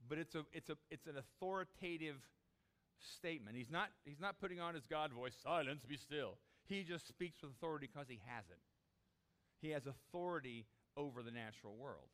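A man's voice: fairly high pitch, animated, a little fast, a bit bright. A man preaching a sermon, acting out the disciples' pleas in a raised voice. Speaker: pastor.

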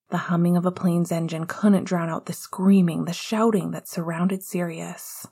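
A woman reading a story aloud as a whispered role-play, soft and hushed. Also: fairly low pitch, fairly even intonation, moderate pace, vocal fry, few pauses, breathy edge. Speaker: audiobook reader.

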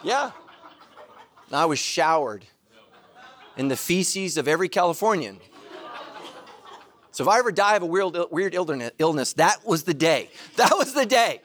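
A middle-aged man preaching a sermon as pastor, joking, laughing at himself and breaking into loud shouted asides. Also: on the high side, expressive, unhurried, pauses often.

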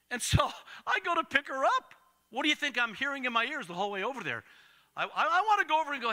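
An older man preaching a storytelling sermon, swinging from loud acted-out voices to hushed asides. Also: very high voice, big pitch swings, fast talker. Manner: dramatic swings from loud to whispered.

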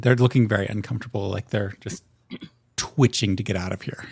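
A male game master narrating a tabletop game, describing scenes unhurriedly with many ums. His voice has a gravelly edge. The recording is dry and close. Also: lowish voice, fairly even intonation, brisk, a little mellow, no room sound.

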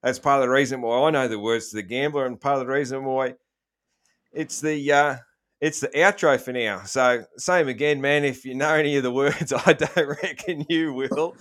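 A man with an Australian accent hosting a casual podcast chat, relaxed and rambling with plenty of filler words. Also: mid-range voice, normal speed. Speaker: podcast host.

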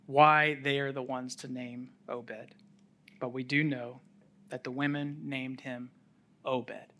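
A man preaching a sermon, telling a scripture story with sudden drops to a near-whisper and rises to loud calls, with chuckling asides. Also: mid-range voice, level tone, takes it slowly, pauses often. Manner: chuckles while making light asides.

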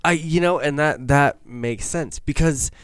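A man's voice: on the high side, a little slow, smooth, no room sound, studio quality. A man chatting casually as a podcast co-host, joking with exasperation and laughing often. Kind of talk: casual chat.

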